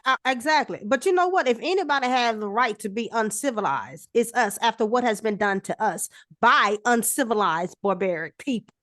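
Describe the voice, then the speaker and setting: A woman's voice: fairly high pitch, lively intonation, moderate pace, few pauses, a bit bright, dry recording, studio quality. A woman in casual discussion as co-host, telling stories with animation and acting out the exchanges she quotes.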